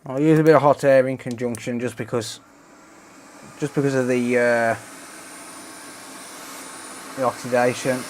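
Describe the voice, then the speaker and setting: A man with a Black Country accent chatting casually with viewers during a repair livestream, relaxed and matey. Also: mid-range voice, a little slow, pauses often, slight background noise. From Dudley, West Midlands, England. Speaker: repair streamer.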